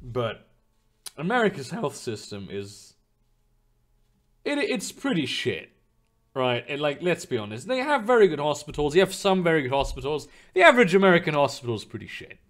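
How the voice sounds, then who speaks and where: A young man answers his chat in a loose, rambling stream session, his slightly high voice swinging up and down a lot. He swears freely and stumbles through fillers and restarts as he talks. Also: sing-song, normal speed, a bit bright. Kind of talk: casual live-stream chat. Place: home room.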